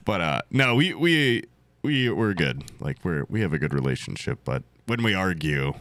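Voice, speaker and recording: A man's voice: deep voice, very animated, moderate pace, fairly bright tone, dry recording. A young man co-hosting a podcast in casual, jokey chat, swearing freely. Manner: swearing, jokey, mimics voices of others in bursts. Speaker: podcast co-host.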